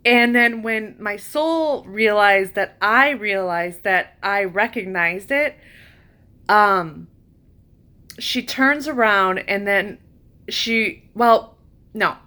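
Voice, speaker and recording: A woman telling a personal story in a casual, emotional way, full of fillers, with her voice leaping high when she quotes herself. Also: lively intonation, slow, bright, forceful tone, clear, resonant tone. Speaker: vlogger recounting a retreat.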